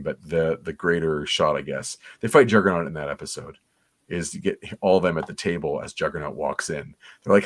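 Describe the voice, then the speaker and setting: A very deep-voiced man, heard with no room sound, co-hosts a comics livestream. He gives nostalgic, enthusiastic, wandering commentary on an old cartoon.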